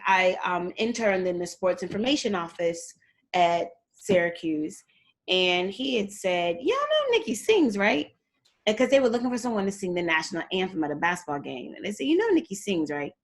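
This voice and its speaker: A middle-aged woman telling her story as a guest in a casual interview, lively and acting out the people she quotes. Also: moderate pace. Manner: animated, acts out quotes with big jumps in pitch. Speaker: guest, performer and fitness trainer.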